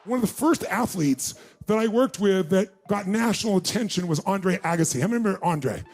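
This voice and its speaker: High-pitched man telling a stage story. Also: expressive, fairly quick, a little mellow. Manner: storytelling, quizzing the crowd. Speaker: motivational speaker. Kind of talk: stage talk to a live audience. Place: large event room.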